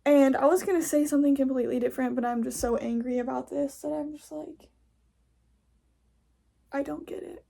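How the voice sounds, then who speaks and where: A young woman from the United States venting into her podcast in a blunt, profane monologue. Her voice sits high but has a gravelly fry running through it. She sounds fed up. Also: fairly even intonation, a little fast, pauses often, dark tone. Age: young adult. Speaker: podcast host. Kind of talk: casual ranting monologue.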